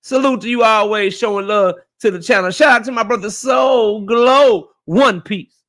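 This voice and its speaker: A man's voice: sits high, moderate pace, fairly bright tone. A man hosting a live stream, casually greeting chat viewers one by one in slang. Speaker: livestream host.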